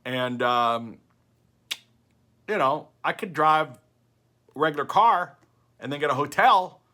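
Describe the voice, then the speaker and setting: An older man vlogging in a casual talking-head style, chatty and animated as he tells stories. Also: a little high, takes it slowly. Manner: chatty, animated storytelling with quoted voices. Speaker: vlogger host.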